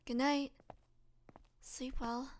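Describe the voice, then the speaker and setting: A woman's voice: high voice, level tone, very slow, slight background noise. A woman voicing a starving vampire who is the listener's best friend, in an audio role-play. She pleads with strain, then turns coaxing and menacing. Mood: weary, subdued.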